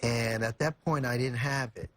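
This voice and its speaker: A man's voice: mid-range voice, steady tone, moderate pace, fairly bright tone. Earnest young man telling his story. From California. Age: young adult. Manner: earnest, reflective, with many "you know" fillers. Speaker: guest. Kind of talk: emotional storytelling. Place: TV studio.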